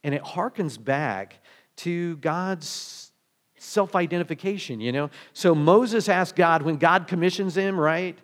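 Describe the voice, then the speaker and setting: A man's voice: a little high, unhurried. A male pastor preaching a sermon in a conversational way, asking many rhetorical questions and often restarting his sentences.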